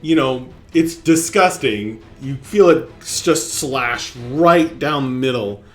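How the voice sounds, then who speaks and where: A man's voice: medium pitch, slow. A man running a tabletop game as game master, narrating playfully with sound effects.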